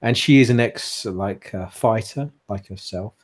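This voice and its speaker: A man's voice: on the low side, unhurried. A man running a tabletop role-playing game as game master, narrating in a casual, rambling way.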